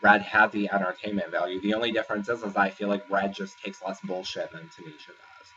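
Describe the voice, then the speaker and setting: Rambling man recapping, bright and distant. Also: on the low side, brisk, a little hiss or hum. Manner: rambling, filler-heavy retelling. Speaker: reality show reviewer. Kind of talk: casual vlog recap. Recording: distant, dull lo-fi sound with faint ambience.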